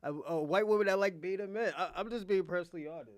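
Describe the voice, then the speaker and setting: A man's voice: high voice, fast, dry recording, studio quality. A man streaming his reaction to a talk show, laughing often and talking bluntly and crudely. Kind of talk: casual reaction commentary.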